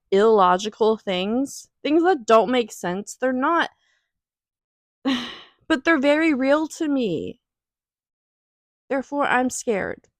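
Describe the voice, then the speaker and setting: A woman's voice: a little high, dry recording. A young woman talking in an emotional, rambling way in a personal vlog at home, near tears. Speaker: vlogger.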